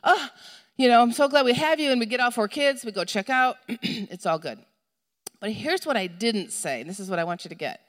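Animated woman preaching in a reverberant hall. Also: mid-range voice, normal speed. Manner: animated storytelling, acts out shouting for a lost child. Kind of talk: sermon.

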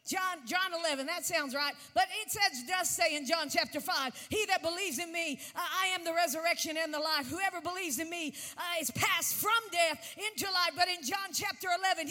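A woman pastor preaching a fervent sermon, shouting and drawing out key phrases, recorded in a church sanctuary. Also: extremely high pitch, normal speed. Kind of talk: impassioned sermon. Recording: long church reverb.

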